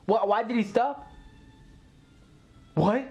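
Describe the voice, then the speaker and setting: A man hosting a live anime reaction video, excitable, laughing often and talking straight to his viewers. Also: sits high, slow, lo-fi sound.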